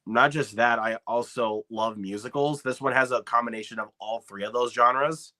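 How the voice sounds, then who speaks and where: Man, bright forceful voice, mid pitch, casual enthusiastic film chat. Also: steady tone, moderate pace. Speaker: podcast co-host.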